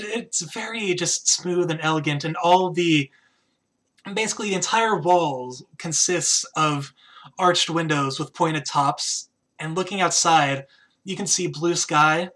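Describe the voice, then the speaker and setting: A man's voice: on the high side, bright, forceful tone. A man narrating as game master in a tabletop game, talking casually with frequent hesitations. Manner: casual, hesitant, lots of "kinda".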